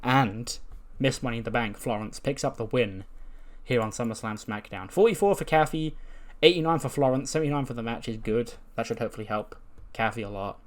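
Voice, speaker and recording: A man's voice: mid-range voice, a little fast. A man casually narrating a wrestling simulation playthrough like a story, with a chatty, filler-heavy delivery. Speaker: gaming creator.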